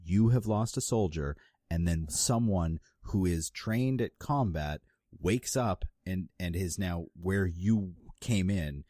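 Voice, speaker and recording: A very deep-voiced man talks casually on a podcast, picking things apart with dry, critical humor. His voice is recorded close and dry. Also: takes it slowly, few pauses, warm tone, dry recording. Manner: critical, nitpicking, wry. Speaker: podcast co-host. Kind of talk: casual chat.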